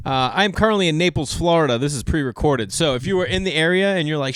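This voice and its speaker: A man's voice: a little high, lively intonation, fast talker, no room sound. A man in his forties, a comedian hosting his own show, chatting casually and rambling from one joke to the next. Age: 40s. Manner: rambling, jokey, breaks into silly made-up songs. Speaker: comedian podcast host. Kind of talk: casual solo chat.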